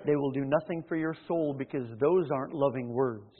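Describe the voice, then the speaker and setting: A man preaching a sermon, shifting between loud emphatic lines and hushed low asides. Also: brisk. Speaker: pastor. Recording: tinny phone-like sermon recording.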